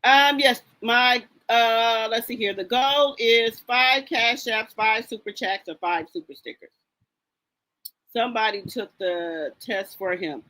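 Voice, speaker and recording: A woman's voice: a little high, slow pace, bright, forceful tone, poor audio. A woman hosting a live stream, chatting casually about gossip and greeting viewers by name in a sassy, chatty way. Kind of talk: casual gossip commentary, reading chat aloud.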